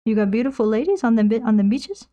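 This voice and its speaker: Mellow-voiced young woman rambling on stream. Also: on the high side, animated, quick pace. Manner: rambling, self-mocking, reads chat aloud. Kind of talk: casual chat while painting. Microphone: desk microphone close by.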